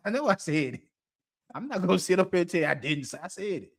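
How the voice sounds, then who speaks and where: Blunt high-voiced man ranting, laughing. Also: sing-song, quick pace, creaky, a bit bright. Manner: blunt, profane and laughing often. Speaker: podcast host. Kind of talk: unscripted monologue to listeners.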